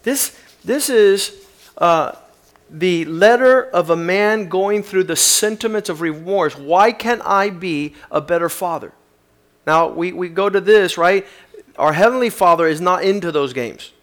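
A man's voice: sits high, unhurried. A man preaching a sermon, reading aloud with rising emphatic passion.

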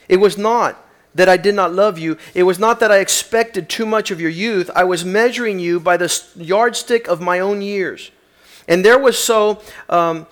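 Man, preacher, sermon, emphatic and impassioned, somewhat high voice. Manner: emphatic, rising to impassioned reading.

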